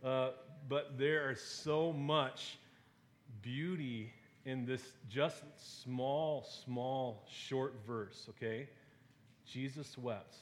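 A medium-pitched man preaches a sermon to a gathered audience, speaking extremely slowly. His delivery is relaxed and conversational, with fillers and playful asides.

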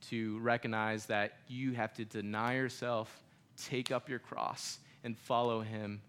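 A man's voice: mid-range voice, fairly bright tone, smooth. A young adult man preaching a sermon in a conversational way, with humor and asides to the congregation. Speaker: pastor.

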